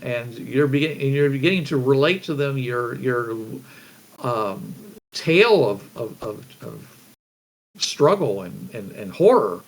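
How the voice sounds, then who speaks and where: A man's voice: medium pitch, animated, measured pace. A man running a tabletop game as game master, rambling with many fillers and restarts.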